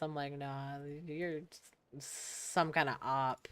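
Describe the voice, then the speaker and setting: Low-voiced woman streamer telling stories. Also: flat delivery, slow, clean tone, no room sound. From United States. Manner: laid-back, swears freely, laughs often, acts out quoted people. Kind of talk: casual storytelling while gaming.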